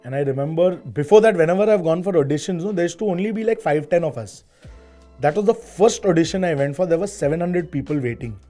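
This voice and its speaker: A man in his thirties with an Indian English accent, an ad director chatting in an interview, who tells stories with animated asides and slips into Hindi phrases. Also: on the high side, fast talker, soft background music. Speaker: interview guest, ad director and actor. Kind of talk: casual interview chat.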